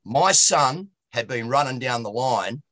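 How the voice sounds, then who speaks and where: A man telling a blunt anecdote in an animated way during an interview. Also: mid-range voice, a little slow, no room sound. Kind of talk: interview discussion.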